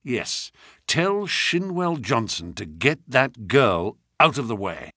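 A man reading an audiobook, voicing an injured male detective who mutters in a weak, hoarse, hushed voice. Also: big pitch swings, slow pace, dry recording, studio quality, heavily acted. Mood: quietly commanding. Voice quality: hoarse weak whisper-like murmur. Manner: low, quiet, muttered.

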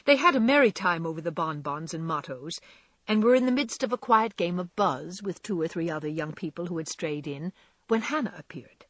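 A woman reads an old-fashioned novel aloud, her storytelling pitch rising and falling freely. Her voice sits a little low with a soft, husky grain. The recording is dry and close. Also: brisk, no echo. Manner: expressive storytelling. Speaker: audiobook narrator. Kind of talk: scripted narration of a classic novel.

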